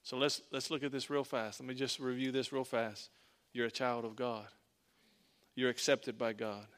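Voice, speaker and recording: A man preaching a sermon as a pastor, emphatic, repeating lines and dropping to a hush for weight. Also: mid-range voice, flat delivery, moderate pace.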